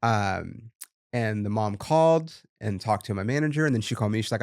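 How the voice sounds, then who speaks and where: Young man, podcast host, casual chat, profane, animated storyteller, dry close sound. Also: lowish voice, brisk, dry recording.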